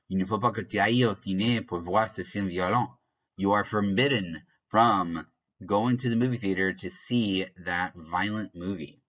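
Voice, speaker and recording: In a deep but somewhat bright voice, a man teaches French on a dull, lo-fi recording. He goes step by step, alternating French examples with English glosses and adding small jokes and offhand asides.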